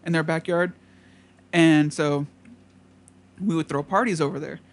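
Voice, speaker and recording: A young man with a notably high voice tells a rambling party story to friends. His delivery is loose and profane, and he keeps acting out the other people in it. He laughs his way through the telling. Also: fairly even intonation, measured pace. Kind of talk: casual chat, storytelling.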